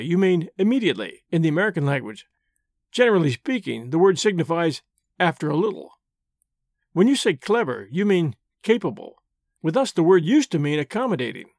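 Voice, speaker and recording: A man narrating a classic essay in a measured, dry reading style, imitating pronunciations as he goes. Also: fairly high pitch, darkish tone, no room sound. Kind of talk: scripted narration.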